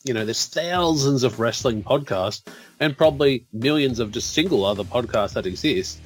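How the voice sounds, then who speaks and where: A man's voice: medium pitch, animated, normal speed, soft background music. An Australian man hosting a podcast, talking in a friendly, upbeat and earnest way. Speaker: podcast host. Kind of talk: casual podcast chat.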